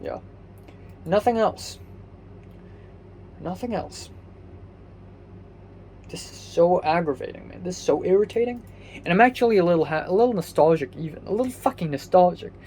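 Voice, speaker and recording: A man's voice: sits high, lively intonation, fast, darkish tone, slight background noise. Profane, exasperated young man ranting. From Hong Kong. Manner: swears constantly, angry and exasperated, rambling with restarts. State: sleepy. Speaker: vlogger. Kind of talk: profane personal rant.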